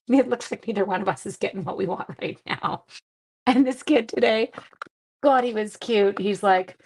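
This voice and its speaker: A woman's voice: mid-range voice, normal speed, husky. A woman chatting her way through a live-stream card-making demo, self-mocking and talking to herself as she works. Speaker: seventh-grade teacher.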